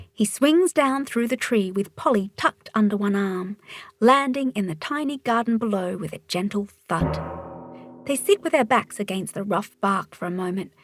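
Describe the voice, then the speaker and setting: A woman narrating a children's storybook in a calm, even read-aloud manner. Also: medium pitch.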